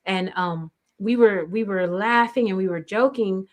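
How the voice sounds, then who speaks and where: Animated woman coach telling stories. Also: medium pitch, unhurried, noisy background. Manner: animated storytelling, acts out quoted voices. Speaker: grief coach and speaker, guest. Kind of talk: casual conversational chat.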